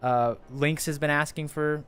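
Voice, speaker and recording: A man's voice: a little high, fairly even intonation, a little slow, fairly bright tone, smooth. A man chatting casually to his viewers while playing a game live. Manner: chatty, rambling, talks to chat. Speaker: streamer. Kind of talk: casual live gameplay chat.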